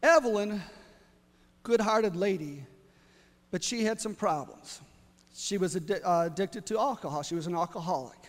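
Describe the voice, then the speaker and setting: A male preacher telling a story in a sermon, building to loud exclamations. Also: high-pitched, moderate pace, long pauses, long reverb tail.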